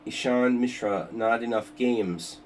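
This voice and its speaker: An older man with a medium-pitched voice takes it slowly while hosting a chess simul on a livestream, with slight background noise. He chats casually and rambles, full of jokes, asides and restarts.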